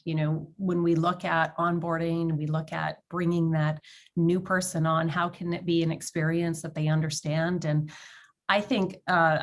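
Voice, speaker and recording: A woman on a business panel, speaking in an earnest, measured way with frequent fillers. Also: lowish voice. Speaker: panelist, direct sales executive. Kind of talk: panel discussion.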